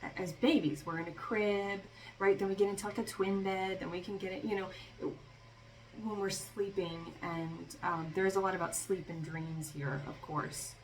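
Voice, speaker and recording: A woman's voice: mid-range voice, fairly even intonation, moderate pace, a little hiss or hum, low-quality recording. A woman giving a casual spiritual tarot reading, talking in a loose, rambling way with lots of fillers and a sarcastic streak. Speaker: tarot reader.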